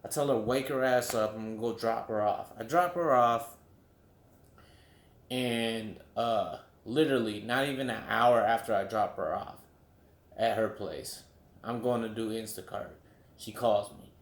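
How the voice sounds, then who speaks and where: A man's voice: fairly low pitch, a little slow, echoey room, slight background noise. A man telling a story casually at home, swearing freely and padding his talk with likes and you knows. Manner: loose, profane, filler-heavy. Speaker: vlogger. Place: room at home.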